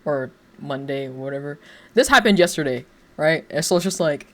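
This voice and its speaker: A man's voice: fairly high pitch, expressive, moderate pace. Rambling young man telling a story. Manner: rambling, filler-heavy, laughs often. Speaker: streamer. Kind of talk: casual storytelling chat. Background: faint music.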